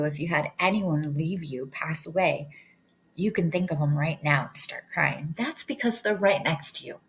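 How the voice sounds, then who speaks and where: Woman, earnest, encouraging, casual spiritual talk, slightly low voice. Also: a little hiss or hum, low-quality recording. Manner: earnest, encouraging, repeats words. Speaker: hypnosis practitioner.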